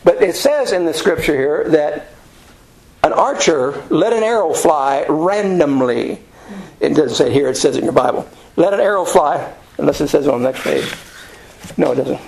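A man's voice: on the high side, lively intonation, moderate pace, gravelly, a little mellow, low-quality recording. An American man teaching a casual Bible study, telling the story in a folksy, rambling way with plenty of fillers. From United States.

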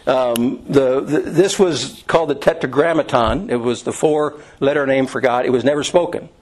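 A man's voice: medium pitch, normal speed, a little mellow, poor audio. Man teaching a casual Bible class. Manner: conversational, with many fillers and restarts. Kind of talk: informal Bible class lecture.

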